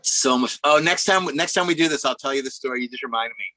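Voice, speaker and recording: A man, a musician guest, casually telling animated anecdotes and acting out the voices of people in them. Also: medium pitch, fast talker, dry recording, low-quality recording. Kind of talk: casual storytelling chat.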